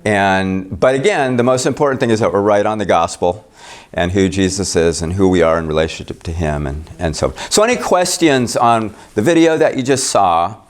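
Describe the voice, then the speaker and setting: A man's voice: lowish voice, expressive, moderate pace. A man leading a Bible study class, talking in a chatty, rambling way with easy humor about himself. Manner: chatty, rambling, self-deprecating. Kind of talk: casual class discussion.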